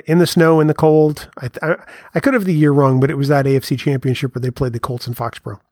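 A man's voice: a little high, steady tone, quick pace, a little mellow, no echo, clean studio sound. A man co-hosting a podcast, teasing his partner in casual, playful banter. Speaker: podcast co-host. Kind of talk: casual chat.

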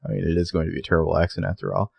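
A low-voiced man co-hosting a casual recap podcast with dry, wry asides. The recording is close and dead, with no room around the voice. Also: flat delivery, racing, vocal fry, darkish tone, breathy edge, dry recording. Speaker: podcast co-host.

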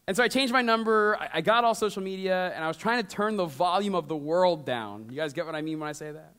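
A man preaching a sermon as pastor, talking straight to the congregation and swinging from lively emphasis down to hushed storytelling. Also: sits high, a little fast, smooth. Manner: conversational, addresses the congregation directly.

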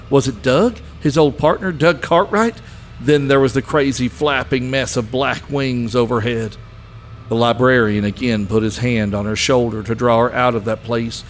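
Male narrator, mid-pitched voice, steady scripted storytelling, faint hiss.

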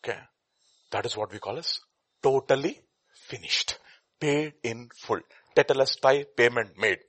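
A man preaching an animated sermon, acting out scenes and shifting between loud outbursts and quiet asides. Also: medium pitch, unhurried, breathy edge, no echo. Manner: dramatic, acts out scenes with shouted voices.

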